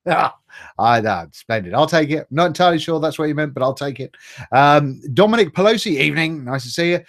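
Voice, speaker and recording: A middle-aged man runs a casual live stream, reading out viewers' names and greetings. He is chatty and jokey, trips over tricky names, and his voice sits a little high for a man. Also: lively intonation, a little fast.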